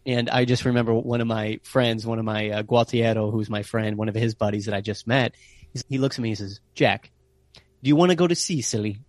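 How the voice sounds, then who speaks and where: An American man casually telling travel stories in an interview, animated and sprinkling in playful Italian phrases. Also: fairly low pitch, brisk, no echo. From United States. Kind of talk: casual storytelling chat.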